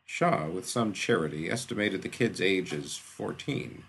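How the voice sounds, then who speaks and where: A man narrating a fantasy story in an expressive storytelling manner. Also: sits low, measured pace, vocal fry, hardly any pauses, slightly rough. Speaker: audiobook narrator. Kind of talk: scripted fiction narration.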